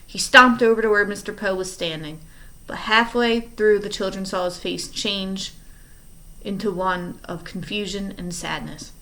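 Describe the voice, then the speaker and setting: A woman reading a children's novel aloud in a steady storytelling manner. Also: medium pitch, unhurried. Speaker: reader.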